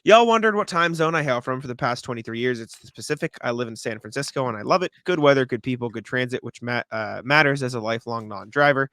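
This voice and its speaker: A man in his twenties with a medium-pitched, animated, fairly bright voice co-hosts a sports podcast, chatting quickly, reading listener mail aloud and laughing often between remarks. The recording is dry.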